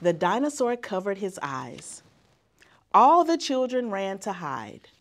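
A woman reading a children's picture book aloud as a guest reader, in an expressive storytelling manner. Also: mid-range voice, slow.

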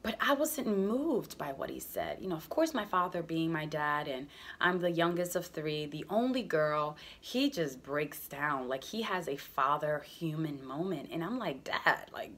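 A woman's voice: sits low, lively intonation, moderate pace, few pauses, fairly bright tone. A young adult woman telling her personal faith testimony in an earnest, conversational way, with many casual fillers. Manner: earnest, conversational, frequent "like" and "you know". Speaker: testimony speaker.

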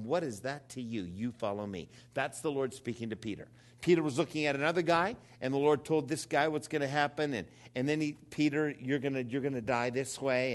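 A man in his fifties preaching a sermon, calling on the congregation to respond, dropping to low murmurs and rising to loud, high exclamations. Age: 50s. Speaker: pastor.

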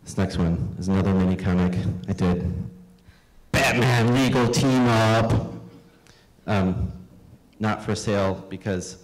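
A man's voice: fairly low pitch, slow, rough recording. A middle-aged man, a cartoonist, reading his own comics aloud with wry, self-deprecating asides.

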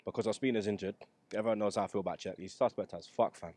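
Fast-talking young London man. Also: fairly low pitch, fairly even intonation, a little mellow. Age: 20s. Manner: quick, slangy, laughing banter. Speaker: host. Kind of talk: casual football banter.

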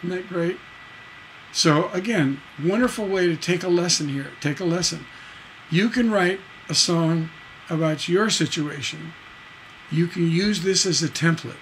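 A man's voice: fairly high pitch, a little slow, fairly bright tone, a little hiss or hum, poor audio. A man teaching songwriting on a livestream, reading lyrics and counting beats aloud, with many fillers and restarts. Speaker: songwriting instructor.

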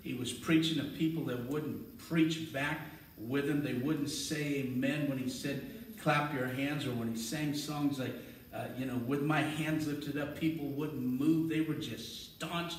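A male pastor preaching a sermon, building to loud, fervent emphasis. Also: medium pitch, fairly even intonation, measured pace, slight background noise. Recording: echoey room, distant mic.

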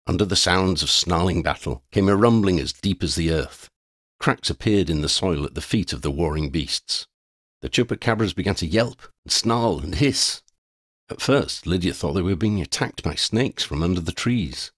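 A man narrating an audiobook, reading steadily with expressive storytelling. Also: sits low, moderate pace, no room sound, clean studio sound. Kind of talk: scripted narration.

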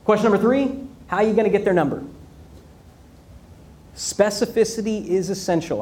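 Man, keynote speaker, higher voice, energetic, rhetorical, repeats for emphasis. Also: normal speed. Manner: animated storytelling with rhetorical questions and repetition. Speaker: conference speaker.

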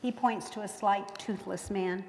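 A woman's voice: medium pitch, steady tone, a little slow, a little mellow. A woman author reads her book aloud in a folksy storytelling manner. Her voice sits in a medium register. It rings through a roomy courtroom with a long reverb. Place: museum courtroom. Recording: echoey hall with long reverb.

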